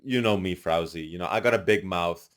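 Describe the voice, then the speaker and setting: A young man guesting on a podcast, with a low voice and a fairly quick delivery. He tells stories casually and animatedly, loudly acting out the things other people said.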